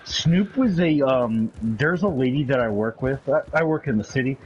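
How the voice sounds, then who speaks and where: A man's voice: medium pitch, animated, moderate pace. A man chatting casually on a gaming stream, telling loose stories, laughing and swearing offhandedly. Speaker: stream co-player. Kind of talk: casual chat while gaming. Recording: dull, lo-fi mic with faint noise.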